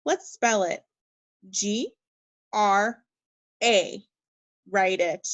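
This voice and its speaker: A woman teaching a second grade phonics lesson, speaking slowly and encouragingly and spelling words out letter by letter. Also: medium pitch, no echo, highs cut off. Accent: Minnesota. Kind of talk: recorded remote phonics lesson.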